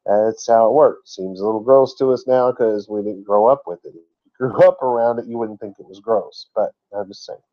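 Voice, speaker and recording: A man's voice: fairly low pitch, fairly quick, dull audio. A man teaching a word-by-word scripture lesson in a folksy, chatty way, with asides. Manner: folksy and chatty, laughs at his own asides. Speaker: Bible teacher.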